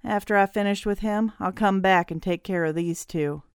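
A woman's voice: medium pitch, normal speed, clear, resonant tone, no room sound, clean studio sound, close to an everyday voice. Woman voicing a gloating killer man. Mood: menacing. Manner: cold, gloating. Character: ruthless scheming male killer, gloating.

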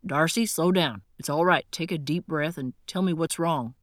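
A woman voicing a calm, steady man who reassures a frightened friend in a firm, professional tone. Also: low-pitched, normal speed, dry recording, clean studio sound, lightly acted. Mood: reassuring.

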